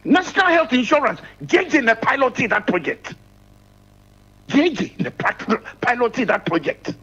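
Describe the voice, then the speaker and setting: A man's voice: very high voice, expressive, normal speed, fairly bright tone, breathy edge, lo-fi sound. A man calling in to a radio show, talking politics emphatically and repeating his points. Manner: emphatic, repeats key phrases. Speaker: caller. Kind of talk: political call-in commentary.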